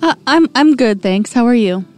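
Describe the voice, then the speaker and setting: A woman's voice: on the high side, expressive, moderate pace. A woman playing in a tabletop role-playing game, answering hesitantly and often laughing. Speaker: player.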